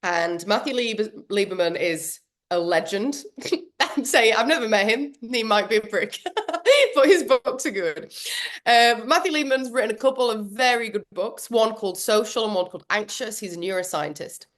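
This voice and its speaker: A woman leading an online workshop on a video call, animated and quick to laugh, often acting out what goes on in people's heads. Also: a little high. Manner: animated, laughs often, acts out inner voices. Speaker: workshop trainer. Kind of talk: live online workshop talk.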